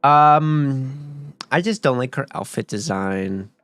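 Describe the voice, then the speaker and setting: Playing a game, a young man talks slowly but animatedly in a medium-pitched, fairly bright voice, rambling and cursing often. His commentary is full of fillers and restarted sentences, recorded dry.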